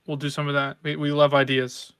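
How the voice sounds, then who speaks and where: A young man hosting a casual podcast chat, groggy after oral surgery, loose and halting, laughing often. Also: on the high side, completely flat delivery, fairly bright tone, smooth, no room sound, studio quality. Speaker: podcast host.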